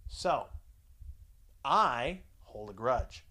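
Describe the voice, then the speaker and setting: A man's voice: very animated, very slow, bright, forceful tone, poor audio. A man in his forties telling a crude personal story in casual chat, swearing freely. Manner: crude, swears freely, mimics others in higher voices. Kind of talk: casual profane anecdote.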